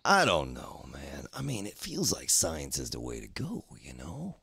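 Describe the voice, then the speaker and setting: A man's voice: rumbling low, wildly swooping pitch, unhurried, vocal fry, pushed and bright, breathy edge. A man live-streaming a survival game, chatting casually, joking and greeting viewers in the chat by name.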